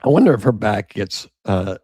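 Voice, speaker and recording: A man's voice: on the low side, big pitch swings, normal speed, warm tone, husky, no room sound, clean studio sound. A male podcast host giving casual commentary, reading an article aloud with sarcastic, rambling asides.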